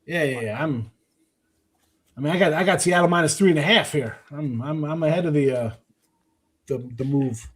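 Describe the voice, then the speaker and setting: A man on a live sports-betting panel, talking in a halting way and repeating words as he thinks. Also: a little high.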